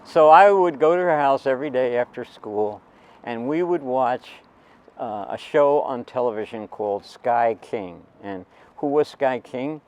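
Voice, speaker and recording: A man's voice: medium pitch, a little slow. A man in his seventies telling a personal story in a rambling, digressive way, with asides to the listener.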